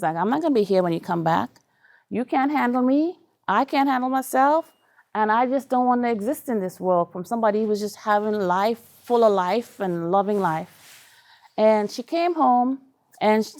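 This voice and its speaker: A woman from Trinidad and Tobago speaks in an earnest, emotional way, telling a personal story in halting phrases. Her voice is mid-pitched with a gravelly, creaky edge. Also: a little mellow. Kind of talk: personal testimony talk.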